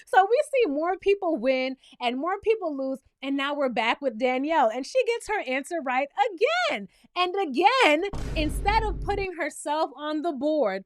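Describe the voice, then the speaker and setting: A woman recapping and reviewing a reality TV episode in a sassy, animated way, talking straight to the viewer. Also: high voice, dry recording, studio quality.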